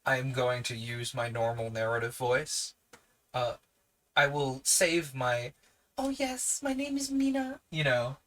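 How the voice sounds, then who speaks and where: With a New Zealand accent, a man reads a novel aloud on a livestream, stopping between passages for chatty digressions and replies to his live chat. His mid-range voice is bright and forceful, though the recording quality is low.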